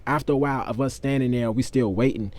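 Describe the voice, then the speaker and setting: A young man talking straight to the camera, telling a personal story. His voice sits in a middle pitch, and his manner is casual, candid and full of profanity. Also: fairly even intonation, quick pace, darkish tone. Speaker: vlogger.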